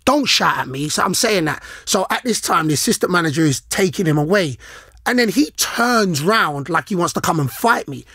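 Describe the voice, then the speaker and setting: A middle-aged man, co-hosting a podcast in casual chat, animated and slangy, acting out the people in his stories. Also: high voice, fairly quick, no room sound, studio quality. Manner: animated, slangy, acts out quoted lines. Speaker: podcast co-host, former footballer.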